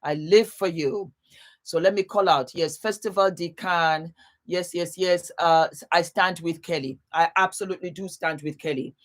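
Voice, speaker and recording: A woman hosting a casual live stream, greeting viewers warmly by place and laughing often as she chats. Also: on the low side, steady tone, normal speed. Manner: warm, chatty, calls viewers baby and beautiful. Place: home, seated.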